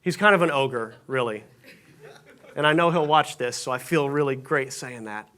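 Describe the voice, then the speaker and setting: A man's voice: mid-range voice, moderate pace, a bit bright. A pastor giving a casual, storytelling sermon to his congregation, with many restarts and self-deprecating asides. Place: church sanctuary stage.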